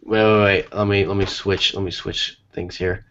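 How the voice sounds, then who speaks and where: Joking low-voiced man podcast co-host. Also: flat delivery, normal speed, fairly bright tone, lo-fi sound. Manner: joking, teasing, playful voices in quoted bits. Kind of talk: casual chat while drawing.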